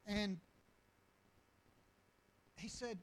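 A man's voice: high-pitched, steady tone, drawn-out words, slight background noise, low-quality recording. A man preaching and telling stories in a folksy, rambling way, with restarts and chuckles. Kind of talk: storytelling sermon.

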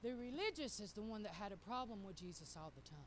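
A middle-aged woman, preaching in an animated, folksy storytelling style. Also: mid-range voice, quick pace, a little hiss or hum. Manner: animated, folksy, acts out quotes. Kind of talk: storytelling sermon.

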